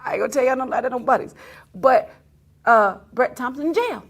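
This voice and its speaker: A woman's voice: high voice, expressive, a little fast. A woman hosting a talk show, telling a long story with frequent laughter and exclamations. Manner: laughing often, mimicking others in quotes, exclaiming. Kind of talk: animated storytelling monologue.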